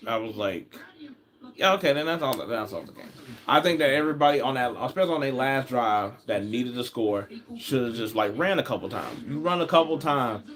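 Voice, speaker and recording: A man casually commenting on a football game as he watches, rambling, slangy and animated, often starting with "I was like.". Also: medium pitch.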